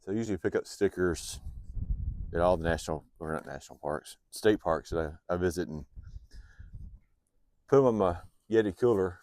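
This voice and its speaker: A man's voice: sits low, normal speed, no room sound. A man chatting casually to viewers while camping outdoors by a lake, a bit sniffly from the cold. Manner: relaxed, chatty, addresses viewers directly. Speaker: vlogger. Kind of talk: casual outdoor vlog talk. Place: outdoors at a lakeside campsite.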